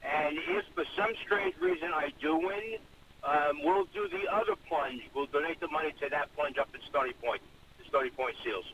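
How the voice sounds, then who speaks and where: A man's voice: a little high, big pitch swings, moderate pace, gravelly. A man calling in to a radio show by telephone, affable and folksy, stumbling over his words. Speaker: caller, county executive. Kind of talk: phone-in chat. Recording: noisy phone line.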